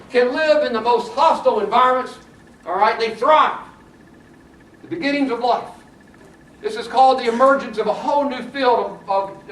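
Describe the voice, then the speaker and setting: A man teaching a geology class in a lively, jokey way, often laughing at his own jokes. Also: extremely high pitch, a little hiss or hum. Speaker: geology lecturer. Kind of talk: classroom lecture. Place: lecture room. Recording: echoey classroom recording from far off.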